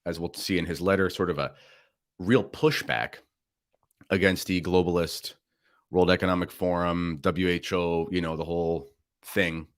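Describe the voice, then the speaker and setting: Male host, low-pitched, casual commentary delivery, dry close sound. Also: little pitch movement, moderate pace, no room sound. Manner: casual, conversational with fillers and asides. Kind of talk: pre-recorded commentary show.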